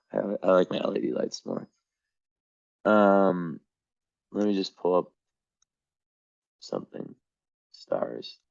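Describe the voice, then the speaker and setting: A man giving a casual astrology reading to camera, meandering and hesitant, with a voice that is going hoarse. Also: lowish voice, no room sound, dull audio. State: losing his voice.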